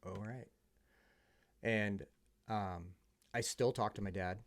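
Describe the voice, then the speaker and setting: Low-voiced man, earnest guest. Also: fairly even intonation, slow. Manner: earnest, heartfelt storytelling with many fillers. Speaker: podcast guest. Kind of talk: personal testimony in conversation.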